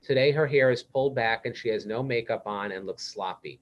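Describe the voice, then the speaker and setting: A man's voice: mid-range voice, fairly quick, lo-fi sound. A man, a psychiatrist, presenting a case to an audience over a video call in a conversational way, acting out what a supportive manager might say. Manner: conversational, role-plays supportive manager lines. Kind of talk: interactive webinar presentation.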